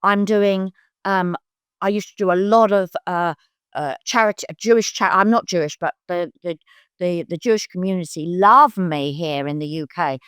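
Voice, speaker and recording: A woman's voice: moderate pace, clear, resonant tone, dry recording, studio quality. An older woman with a London accent, a psychic guest telling stories in a casual chat, acting out other people's voices as she goes. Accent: London English. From London, England. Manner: animated, acts out quoted voices in bursts of high pitch. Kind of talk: conversational storytelling.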